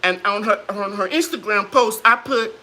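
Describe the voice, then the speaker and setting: A woman hosting a casual live chat, telling stories in a lively, preachy way and acting out quotes. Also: mid-range voice, normal speed.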